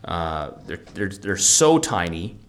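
A man's voice: low-pitched, very animated, slow pace, a crowd in the background. A man co-hosting a podcast, chatting casually and enthusiastically about audio gear, with lots of restarts. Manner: rambling, restarts often, enthusiastic about gadgets. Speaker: podcast co-host. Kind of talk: casual gear review chat.

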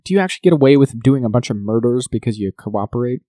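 A man co-hosting a podcast in casual chat, animated and quick to laugh. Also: medium pitch, dry recording, studio quality. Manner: animated, laughs often, talks over partner. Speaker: podcast co-host.

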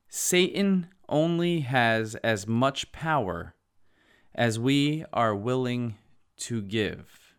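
An earnest male preacher delivers a sermon with emphatic lines and halting asides. His voice is smooth and resonant, at a middle pitch for a man. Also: lively intonation.

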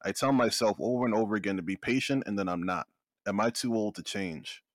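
A man hosting a podcast in casual chat, relaxed, reading out listener questions. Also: fairly low pitch, brisk, no room sound, clean studio sound. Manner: relaxed, repeats himself when cutting in. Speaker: podcast host.

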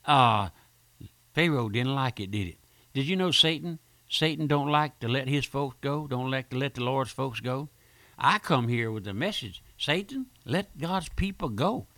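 A man's voice: medium pitch, sharp tone, no room sound. A male pastor preaching a fervent radio sermon with rhetorical questions and repeated phrases.

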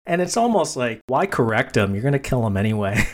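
A man hosting a casual movie podcast, wry and quick to laugh as he asks his co-hosts questions. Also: medium pitch. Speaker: podcast host.

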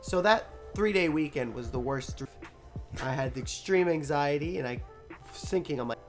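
Lively, cussing young woman host. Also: low voice, moderate pace, soft background music. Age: young adult. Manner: animated, swears a lot, laughs often. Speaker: podcast host. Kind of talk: casual storytelling.

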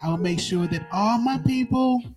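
A man's voice: high-pitched, measured pace, darkish tone, voice pushed up. A man doing an impression of a boastful male politician, making brash, emphatic promises. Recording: music playing clearly behind.

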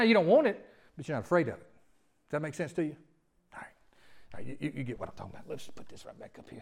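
High voiced male preacher, animated, keeps asking the congregation stuff. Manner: animated, draws in the congregation with questions. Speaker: pastor. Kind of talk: sermon.

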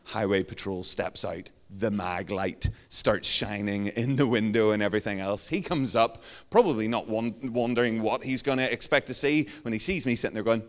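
An Irish man preaching a sermon, telling a self-mocking story in a lively way. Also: lowish voice, moderate pace, hardly any pauses. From Ireland. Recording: long hall reverb.

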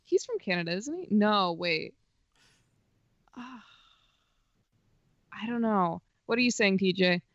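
A woman playing a quiz guesses aloud with an animated, swooping voice, second-guessing herself as she goes. Her sound is dry and a bit dull, like a lo-fi call. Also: medium pitch, slow pace, pauses often, no echo. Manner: unsure, thinks aloud, animated. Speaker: quiz contestant. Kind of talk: casual chat.

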